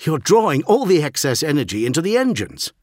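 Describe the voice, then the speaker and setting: Man doing a calm loyal engineer guy, matter-of-fact, lively pitch, dry close mic; audiobook. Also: fairly quick, dry recording. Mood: earnest. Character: steady male ship engineer, loyal and sober. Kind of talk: audiobook character voice.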